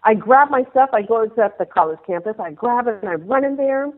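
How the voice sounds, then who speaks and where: A woman telling a personal story in an interview, animated and acting out scenes in changing voices. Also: on the high side, a little fast. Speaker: interview guest, former pro dancer. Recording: tinny phone-like line.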